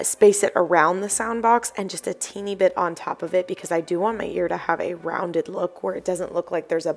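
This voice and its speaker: A young woman hosting a craft channel, talking through each step in a chatty voice-over, a little croaky from the early morning. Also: on the low side. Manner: chatty, explanatory, apologetic asides. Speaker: DIY crafts channel host. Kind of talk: voice-over tutorial narration.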